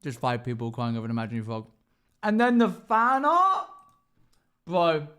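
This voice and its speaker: A man's voice: on the high side, expressive, moderate pace, pushed and bright, clean tone. A man streaming live as a dungeon master, chatting emotionally and rambling as he reacts to chat. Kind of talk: casual livestream chat.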